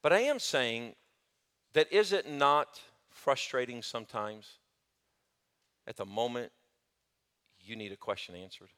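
A middle-aged man preaching a sermon as pastor, telling stories animatedly and swinging between loud and soft. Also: medium pitch, animated, a little slow, pauses often.

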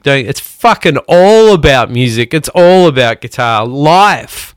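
A man's voice: medium pitch, lively intonation, clear, resonant tone, no echo, studio quality. A musician hosting a podcast, a man from outside the United States, talking bluntly with lots of swearing and heavy sighs. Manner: blunt, swearing, sighing pauses. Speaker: podcast host. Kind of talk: angry podcast monologue.

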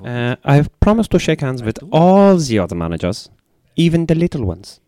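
A man putting on a jokey German accent to voice a male football manager writing to Santa, reading haltingly. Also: mid-range voice, sing-song, mellow, dry recording, clean studio sound, pitched above the performer's own voice, close to an everyday voice. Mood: jovial. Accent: put-on German. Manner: halting, hesitant reading of a letter.

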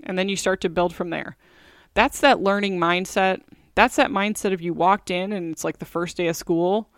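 A woman's voice: on the low side, steady tone, normal speed, no echo, clean studio sound. A middle-aged woman hosting a podcast, talking in a chatty, candid way with many fillers. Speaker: podcast host. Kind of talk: casual solo podcast talk.

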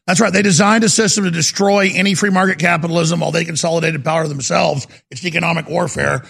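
A man hosting a call-in radio show, talking in a forceful, emphatic way and agreeing loudly with callers. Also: on the high side, fairly even intonation, quick pace. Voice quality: gravelly, raspy. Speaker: radio talk show host.

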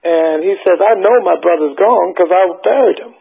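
A man's voice: high-pitched, moderate pace, vocal fry, breathy edge. A man guest in an interview, telling stories animatedly, acting out the voices of the people he quotes and stumbling over his words. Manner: animated, acts out quoted voices, stammers on restarts. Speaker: interview guest, tribute singer. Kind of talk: storytelling on a phone interview. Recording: tinny phone line.

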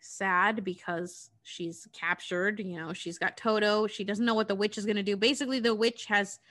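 A woman's voice: mid-range voice, fairly even intonation, normal speed, a bit bright. A woman casually retelling a story, chatty and profane, with lots of "like.". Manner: chatty, profane, filler-heavy.

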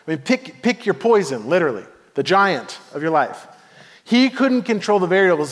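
A man preaching a sermon as pastor, telling a story and swinging between hushed and emphatic delivery. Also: a little high. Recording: long hall reverb.

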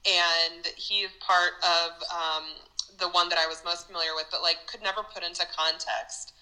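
A woman chatting casually about a movie, relaxed and dry-humored, with frequent fillers. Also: fairly low pitch, moderate pace, low-quality recording.

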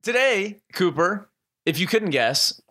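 A man's voice: sits high, big pitch swings, slow, pushed and bright. A man hosting a podcast in casual chat, playful and jokey. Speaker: podcast host.

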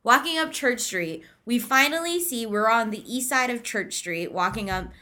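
Casting: young woman podcast co-host, high bright voice, animated casual storytelling. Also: moderate pace. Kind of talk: casual chat.

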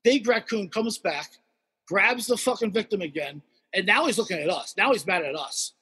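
A man telling a wild story in casual podcast chat, animated and swearing heavily as he acts out the characters. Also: high-pitched, normal speed, husky, long reverb tail. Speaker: guest storyteller.

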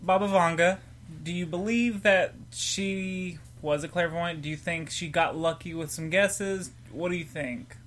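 A man hosts a casual podcast chat with a bright, forward tone. He laughs easily and steers the group with questions. Faint noise hums under the recording. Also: on the high side, measured pace. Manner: laughs often, leads the discussion with questions. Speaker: podcast host.

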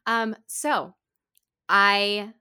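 A young woman telling a story in casual chat, animated and giggly, full of "like". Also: medium pitch, drawn-out words, clean tone. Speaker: podcast co-host.

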